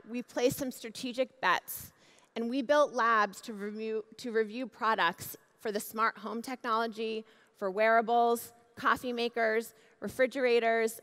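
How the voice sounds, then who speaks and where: A woman in her forties, a keynote speaker at a conference, delivering a measured, emphatic speech with dramatic pauses from the stage. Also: on the high side, fairly bright tone. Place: large conference hall. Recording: long hall reverb.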